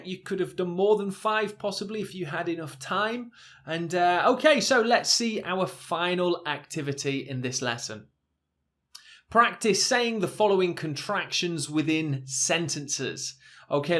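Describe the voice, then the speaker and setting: A man teaching English pronunciation in a recorded lesson, talking slowly and patiently with fillers and repeating sounds for learners to copy. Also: on the high side, fairly bright tone. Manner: slow and patient, modelling sounds, many fillers.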